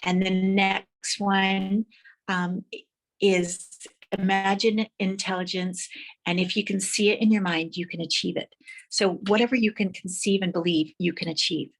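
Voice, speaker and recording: A woman's voice: mid-range voice, fairly even intonation, measured pace, vocal fry. A woman giving a motivational speech, telling vivid stories and guiding listeners to imagine their dreams. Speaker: motivational speaker.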